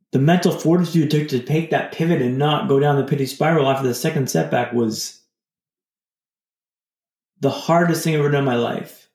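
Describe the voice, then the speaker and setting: A man with a slightly high, gravelly voice talks through a video call, his words bouncing around an echoey room. He rambles loosely and reflectively, stringing thoughts together with frequent fillers. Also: a little mellow. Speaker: podcast guest. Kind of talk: casual reflective storytelling.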